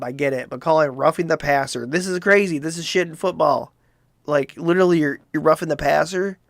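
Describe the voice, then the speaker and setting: A man's voice: on the high side, a little fast, gravelly, no room sound, studio quality. A man hosting a comedic commentary show, ranting in disbelief and swearing freely. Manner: incredulous, swearing rant. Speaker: show host.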